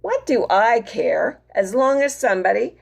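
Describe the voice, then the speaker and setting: A woman voicing a grumpy, uncaring goat in a picture book read-aloud, gruff and scoffing. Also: on the high side, animated, normal speed, heavily acted. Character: grumpy, uncaring male goat munching grass.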